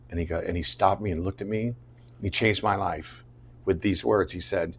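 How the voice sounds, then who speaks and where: A man from Jacksonville, Florida, telling an animated story as a podcast guest, dropping to a hush and then rising loud. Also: low voice, moderate pace, breathy edge. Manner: dramatic, swings between loud and hushed. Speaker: guest, actor.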